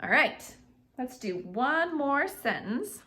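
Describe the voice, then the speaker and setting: A woman's voice: sits high, very animated, slow, sharp tone, slight background noise. A woman teaching young children to write sentences, patient and sing-song, calling them friends. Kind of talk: children's writing lesson.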